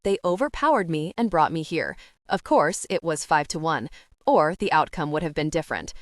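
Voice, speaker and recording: A wounded young male vampire with a French accent speaks in stiff, courteous sentences, as a woman narrator puts him on. The voice sits low and the storybook read is dry and close. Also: lively intonation, moderate pace, no echo. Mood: weary, formal. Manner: stiffly polite, formal phrasing. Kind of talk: audiobook character reading.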